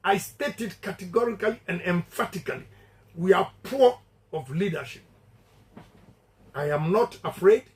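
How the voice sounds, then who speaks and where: With a high voice, normal speed, and long pauses, a Ghanaian-accented politician delivers an emphatic campaign speech to his supporters. He repeats his main points in a declamatory way and moves between English and Twi. The audio quality is poor.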